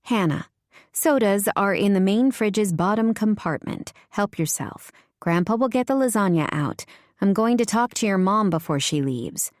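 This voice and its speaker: A woman's voice: mid-range voice, animated, normal speed, dry recording, studio quality, pitched above the performer's own voice, close to an everyday voice. A woman narrator voicing a young aunt who speaks firmly and protectively to her family. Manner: firm, protective. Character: peacekeeping aunt, young woman, firm when pushed.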